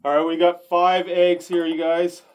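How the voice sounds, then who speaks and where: A man's voice: high voice, monotone, a little slow, darkish tone, smooth, in a large hall. A man vlogging a campfire breakfast outdoors, chatting casually to his viewers. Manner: chatty, addresses viewers as "you guys". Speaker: homestead vlogger.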